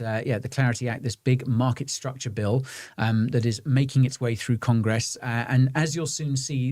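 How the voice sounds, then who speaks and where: Guy cohosting a crypto show, laid back, lots of ums, mid pitch. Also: no room sound. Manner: relaxed, chatty, many fillers. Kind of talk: casual market chat.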